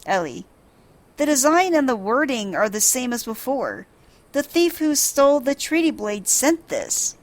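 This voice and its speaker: A woman voicing an earnest young assistant investigator from a video game, reading the lines calmly and plainly. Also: high-pitched, measured pace, voice pushed up.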